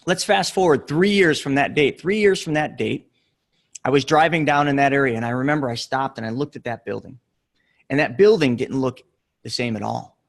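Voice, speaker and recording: A middle-aged man giving an earnest motivational talk, telling a story with emphatic pauses. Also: mid-range voice, creaky. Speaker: real estate investor and coach.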